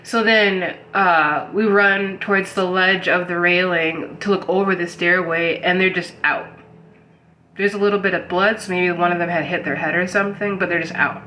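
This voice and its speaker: A woman's voice: fairly low pitch, normal speed, a little hiss or hum, poor audio. A woman casually retelling a strange dream to her audience, rambling and saying "like" constantly. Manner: rambling, heavy use of "like", animated retelling. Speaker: host recounting a dream. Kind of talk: casual storytelling to a live audience.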